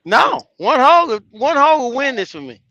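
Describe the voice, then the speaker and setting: A man, a competing angler, trading loud, playful jokes in banter. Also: extremely high pitch, very animated, a little slow, dull audio, background noise. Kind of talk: joking banter.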